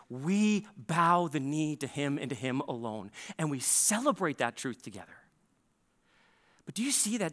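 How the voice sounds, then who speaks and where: A man preaching an earnest sermon in church, pressing his points with repeated words and quick restarts. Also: a little high, a bit bright. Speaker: pastor. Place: church sanctuary.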